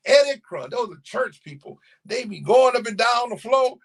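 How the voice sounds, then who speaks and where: A middle-aged man telling family stories in a casual monologue, animated and profane. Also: very high-pitched, normal speed, breathy edge. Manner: animated storytelling, profane slang. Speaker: commentator.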